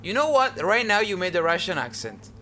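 Sex: man. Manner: wry and joking. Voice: high and very bright. Style: casual radio chat with faint rumble behind. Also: very animated, a little fast. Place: radio studio.

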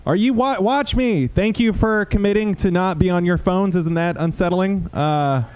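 A young man doing a stand-up comedy set on a small club stage, rambling and self-deprecating with halting asides. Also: high-pitched, a little mellow, slight background noise.

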